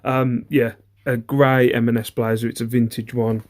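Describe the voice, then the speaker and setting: A man's voice: mid-range voice, level tone, moderate pace, a little mellow. A man, chatting casually through an eBay reseller's haul video. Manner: chatty, rambling, self-deprecating, many ums.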